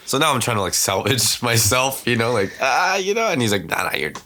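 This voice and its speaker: A man with a medium-pitched, sing-song voice and a sharp tone, appearing as a podcast guest. He tells stories in loose, slangy, filler-heavy casual chat, quickly reenacting what other people said.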